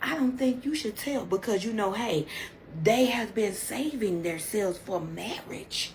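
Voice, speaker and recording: A woman playing a meddling doctor friend, cautious, urgent, slightly raised pitch. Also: normal speed, a little hiss or hum, close to an everyday voice. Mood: cautioning.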